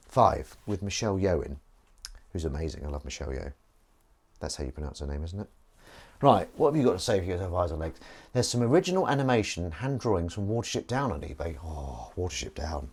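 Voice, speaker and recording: Husky and lowish, this man's voice carries a wry, rambling chat to viewers as he live-streams himself washing dishes at his kitchen sink, talking casually the whole time he works.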